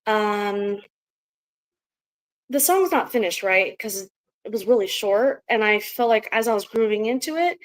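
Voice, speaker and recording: A woman's voice: medium pitch, lively intonation, unhurried, long pauses, rough recording. A woman co-reviewing a song on a livestream, chatting casually over a video call. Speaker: co-host reviewer. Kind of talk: casual livestream music critique.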